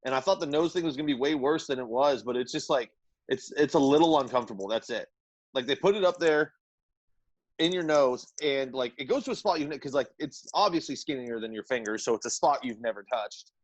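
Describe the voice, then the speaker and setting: A man's voice: mid-range voice, animated, a little fast, no echo. A man co-hosting a podcast who tells a rambling, profane story in casual chat, padded with "like" and laughter. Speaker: podcast co-host.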